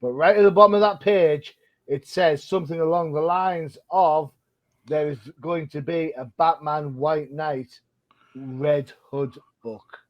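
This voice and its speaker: A man's voice: on the high side, steady tone, measured pace, muffled recording. Chatty man hosting a podcast. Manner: chatty, rambling, with frequent fillers and restarts. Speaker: podcast host. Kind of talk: casual comic-book podcast chat.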